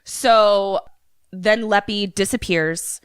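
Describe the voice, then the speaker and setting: A woman co-hosting a podcast who recaps a movie in casual chat, animated and swearing now and then. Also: mid-range voice, takes it slowly, clear, resonant tone, no room sound, studio quality. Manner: animated storyteller, swears casually, acts out lines. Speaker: podcast co-host.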